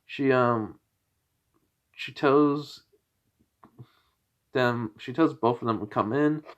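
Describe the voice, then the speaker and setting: A man casually retelling a fan-fiction story in a rambling, halting way, with lots of fillers and restarts. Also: medium pitch, muffled recording.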